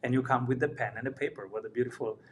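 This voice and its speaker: A man's voice: medium pitch, racing, a little hiss or hum. A man from Italy hosting a podcast interview, talking with enthusiastic, emphatic repetition. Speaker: podcast host. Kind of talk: casual interview chat.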